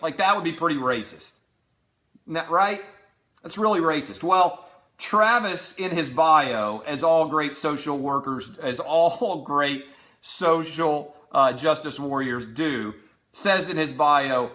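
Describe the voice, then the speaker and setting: A man's voice: a little high, unhurried, pushed and bright. A man hosting a show, reading out hostile messages aloud with sarcastic, profane mockery. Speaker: host. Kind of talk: reading out hate tweets.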